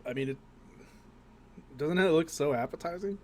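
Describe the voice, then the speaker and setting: A man's voice: on the high side, moderate pace, a little hiss or hum. A man co-hosting a podcast in casual chat, rambling and crude, often trailing off mid-sentence. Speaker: podcast co-host.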